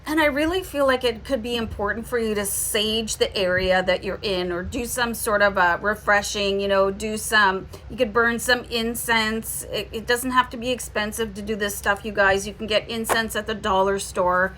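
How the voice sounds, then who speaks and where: A woman's voice: medium pitch, steady tone, moderate pace, few pauses, pushed and bright, slight background noise. A woman with a Canadian accent giving a casual, reassuring tarot reading, often checking in with "okay?". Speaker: tarot reader.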